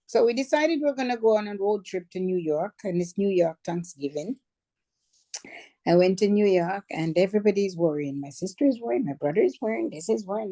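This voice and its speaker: A woman's voice: medium pitch, dark tone, no room sound. A middle-aged woman, a cancer survivor, telling her personal story in a chatty way and stopping to correct herself. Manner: conversational, backtracks and corrects herself.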